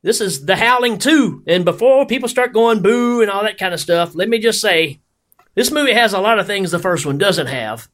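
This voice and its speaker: A man hosting a movie podcast, chatting casually in an excitable, giggly, rambling way. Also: sits high, normal speed. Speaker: podcast host.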